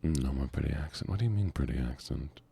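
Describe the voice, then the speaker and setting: On an ASMR gaming stream, a male streamer adopts a fake Southern accent, his gravelly voice rumbling from the chest. He murmurs slowly and softly to chat as he plays, with lively intonation.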